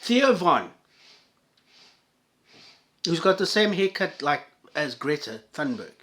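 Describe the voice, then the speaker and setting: A man with a fairly high voice delivers an angry, profanity-laced commentary. He swings between loud outbursts and low, sarcastic muttering. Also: big pitch swings, slow. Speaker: commentator reacting to videos.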